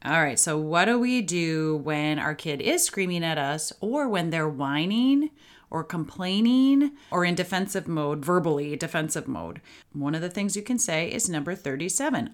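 A woman's voice: lowish voice, expressive, normal speed. A woman, a parenting coach, hosting a solo podcast in an upbeat, matter-of-fact coaching tone.

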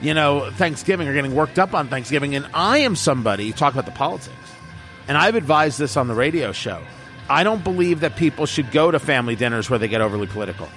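A man's voice: medium pitch, expressive, quick pace, fairly bright tone, faint music behind. A middle-aged man, a radio host, chatting casually with blunt, emphatic opinions. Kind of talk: casual chat.

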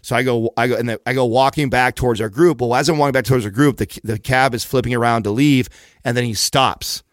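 A man's voice: mid-range voice, quick pace, no room sound, clean studio sound. Profane storytelling man. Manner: profane, animated retelling with acted-out quotes. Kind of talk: casual storytelling.

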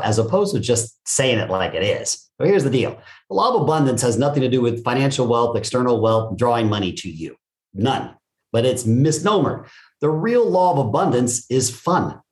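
A man's voice: mid-range voice, very animated, fairly quick. A middle-aged man, a guest in a podcast interview, telling stories energetically and swearing casually. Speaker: guest, business coach. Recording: roomy echo.

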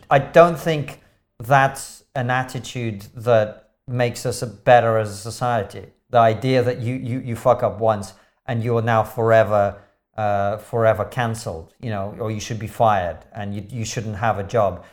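A man, a podcast guest, talking earnestly in casual chat, halting and restarting his sentences. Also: mid-range voice.

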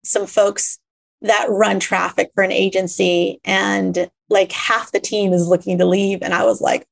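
A woman hosting a podcast interview, talking in a lively conversational way and acting out quoted voices. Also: medium pitch, unhurried, vocal fry. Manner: animated, acts out quoted voices. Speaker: podcast host.

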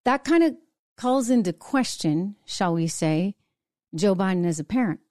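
A middle-aged woman hosts her own commentary show, firing off indignant rhetorical questions with a sarcastic edge. Her voice sits at an ordinary pitch and is recorded close and dry, with no room sound. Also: animated, a little slow, a little mellow, no room sound. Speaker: show host. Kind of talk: opinion commentary monologue.

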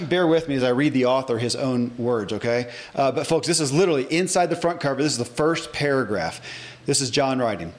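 A man in his forties hosting a podcast interview, talking in an emphatic, rambling way with frequent restarts. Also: medium pitch. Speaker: podcast host. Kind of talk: casual interview chat.

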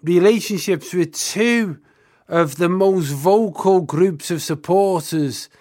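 A man's voice: high voice, slow pace, a little mellow. A man interviewing a guest, affirming the answers and leading with questions. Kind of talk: podcast interview.

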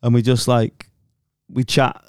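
A man's voice: mid-range voice, monotone, a little slow, darkish tone, clean tone, dry recording, clean studio sound. A man co-hosting a podcast from his room, joking and laughing often in casual chat. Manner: jokey, laughs often, slips into silly voices. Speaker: podcast co-host. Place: home room.

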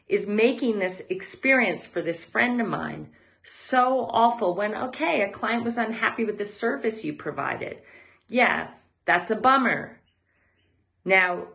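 Woman giving a measured pep talk. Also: medium pitch, fairly bright tone. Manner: measured, slows down to stress key words. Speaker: host; athlete. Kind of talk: motivational monologue.

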